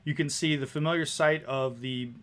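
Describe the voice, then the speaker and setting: A man's voice: a little high, fairly even intonation, moderate pace, fairly bright tone. A man narrating a tabletop game as game master, describing scenes at an easy pace with small restarts.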